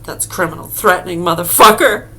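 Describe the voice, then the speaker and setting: A woman's voice: fairly low pitch, fairly quick, sharp tone. A middle-aged woman vlogging in a casual, sarcastic rant full of swearing. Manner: profane, sarcastic, heated. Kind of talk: casual ranting monologue.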